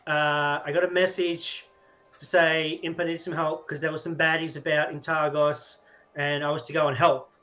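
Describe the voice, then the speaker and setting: A man's voice: on the high side, little pitch movement, normal speed, bright, forceful tone, dull audio. Stammering man playing a tabletop game. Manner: rambling, stammering restarts. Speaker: player.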